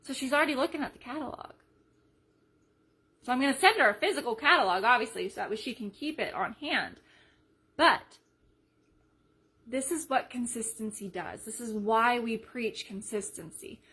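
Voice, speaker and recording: A woman leading a sales team in a casual live video, chatty and energetic, retelling conversations as she goes. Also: fairly high pitch, normal speed, pauses often, slightly rough. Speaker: team leader.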